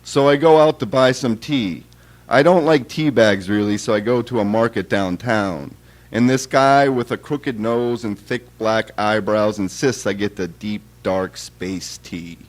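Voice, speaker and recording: A man giving a live reading of his own poems in a wry, deadpan, conversational way. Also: mid-range voice, a little slow.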